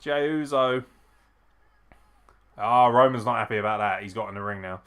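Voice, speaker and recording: A man with a somewhat low voice talks through a live wrestling watch-along. His delivery is loose, casual chat, peppered with swearing and quick chuckles as he reacts to each moment. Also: a bit bright, clear, resonant tone. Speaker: wrestling show host.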